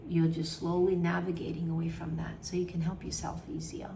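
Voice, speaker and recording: A woman's voice: low voice, level tone, moderate pace, gravelly, few pauses, background noise. Emphatic woman coaching on anxiety. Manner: emphatic, repetitive, acts out her own thoughts. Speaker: wellness coach. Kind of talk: casual talk to camera.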